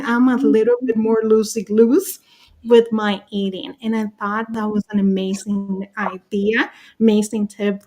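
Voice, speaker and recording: A woman on a video call telling animated personal stories as a summit panelist, acting out the voices in them. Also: mid-range voice. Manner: lively, acts out voices in her stories.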